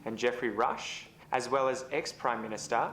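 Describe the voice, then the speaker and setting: A man with an Australian accent presenting an online English lesson in a clear, upbeat, explanatory way. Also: medium pitch, fairly even intonation, normal speed, a bit bright, slight background noise. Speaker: English teacher, video host. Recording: roomy echo.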